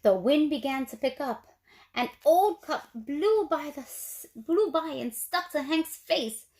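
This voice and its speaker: Gentle teacher reading aloud to kids, unhurried and animated. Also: female voice, high-pitched. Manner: slow, gentle, expressive. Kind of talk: storybook read-aloud for children.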